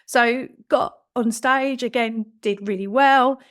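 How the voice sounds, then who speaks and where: A woman in her fifties, a podcast guest telling a personal story in a lively way and acting out the dialogue she quotes. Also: a little high, takes it slowly. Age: 50s.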